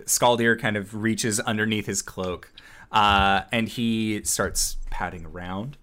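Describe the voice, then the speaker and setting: A man narrating a tabletop game as game master, his voice sitting fairly low. He talks slowly and stops often to fill gaps with filler sounds. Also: sharp tone. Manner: halting, many filler sounds.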